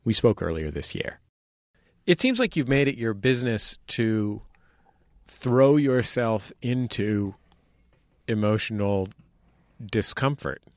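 A man hosts a public radio interview, his pitch moving freely as he introduces his guest. His voice sits a little low and sounds dry and close to the mic. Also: lively intonation, slow, long pauses, no echo.

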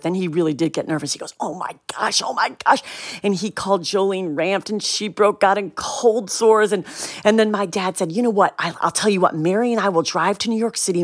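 A middle-aged woman from the Cleveland area tells a long story as an interview guest. Her voice sits fairly low, and she keeps it animated by acting out each quoted person. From Cleveland, Ohio area.

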